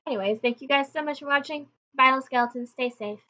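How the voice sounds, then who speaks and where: Young woman vlogger telling a story, chatty, bright kinda high voice, dull lo-fi sound. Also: quick pace. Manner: chatty, conversational, addresses viewers directly. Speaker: channel host. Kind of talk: casual storytelling to viewers.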